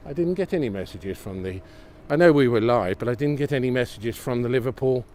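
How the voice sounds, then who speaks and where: A man's voice: mid-range voice, expressive, brisk. A man live-streaming a walk outdoors on a snowy, windy night, chatting to viewers and exclaiming at the sights, recorded on a phone mounted on a gimbal. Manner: exclamatory, gently enthusiastic, often asks viewers questions. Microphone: iPhone on a gimbal.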